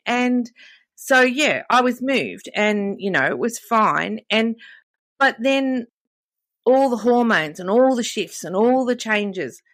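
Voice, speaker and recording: A woman's voice: a little high, lively intonation, slow pace, fairly bright tone, no echo. A woman in her fifties, chatting candidly on a podcast and telling stories full of quoted dialogue. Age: 50s. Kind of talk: casual podcast conversation.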